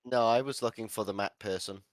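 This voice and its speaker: A man's voice: fairly low pitch, steady tone, a little fast, no echo. A man playing a tabletop game, talking casually and offhand. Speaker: player.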